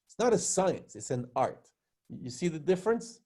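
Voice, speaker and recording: A man with a fairly high, husky voice leads a philosophy session over a video call. His pitch swings animatedly as he teases and corrects participants bluntly, with frequent laughs. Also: big pitch swings, normal speed, dark tone. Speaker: philosophy workshop facilitator. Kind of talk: blunt live coaching.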